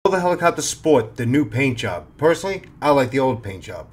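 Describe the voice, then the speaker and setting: Animated New ex-cop storyteller. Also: male voice, mid-range voice, fairly quick, slightly rough. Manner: animated, swears freely, acts out his own panic. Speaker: podcast host, former police officer. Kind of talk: casual storytelling.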